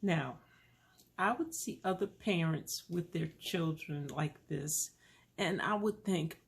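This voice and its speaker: A woman calmly telling a personal parenting story in a relaxed, unhurried way. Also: mid-range voice. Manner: slow, calm, gravelly storytelling.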